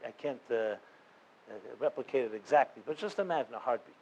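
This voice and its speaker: A man's voice: mid-range voice, a little fast, a little mellow, a little hiss or hum, rough recording. A man, a rabbi, telling a story to a live audience in an earnest, conversational way, with many fillers and restarts. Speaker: rabbi and guest speaker.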